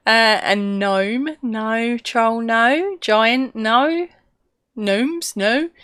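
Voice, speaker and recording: A woman's voice: fairly high pitch, extremely slow, a bit bright, clear, resonant tone, no room sound, clean studio sound. A woman hosting a casual live stream, chatty and laughing often as she reads out viewer comments.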